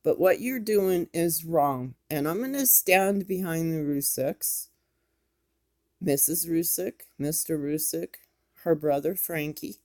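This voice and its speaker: A woman's voice: deep voice, slow pace, a little mellow. A woman, speaking in an impassioned, scolding commentary vlog. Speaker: YouTube commentator.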